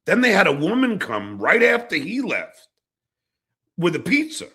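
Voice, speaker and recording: Man, gravelly and husky, bright edge, hesitant, thinking aloud, casual profane chat. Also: high-pitched, wildly swooping pitch, measured pace. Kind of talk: casual crude banter.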